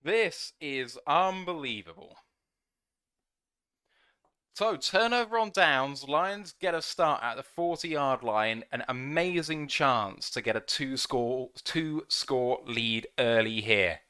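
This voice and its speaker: An excitable man hosting a live fan stream, calling the action play by play. His voice is smooth and resonant, sitting at an ordinary middle pitch, and he jumps to shouting when the defense makes a stop. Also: slow. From United Kingdom. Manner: excitable, shouts at big plays. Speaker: fan podcast host. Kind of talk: live game watch-along commentary.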